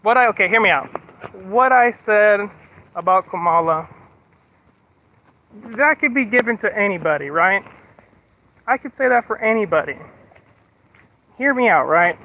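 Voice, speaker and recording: A man's voice: sits high, animated, a little slow, long pauses, a little hiss or hum. A man from the United States in casual livestream chat, swearing freely as he rants and then apologizes. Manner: profane, ranting and then apologetic. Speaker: streamer. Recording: slightly muffled stream audio.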